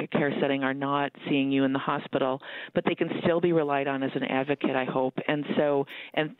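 A male doctor with a fairly high voice joins over a narrow, phone-like line. He chooses his words carefully and often restarts his sentences. The sound is dry. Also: dry recording. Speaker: physician guest. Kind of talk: expert advice on a call-in show.

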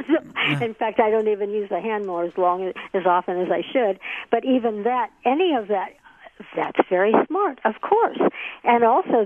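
A woman's voice: mid-range voice, a little hiss or hum. Woman guest over a phone line. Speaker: author and expert guest. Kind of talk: radio interview.

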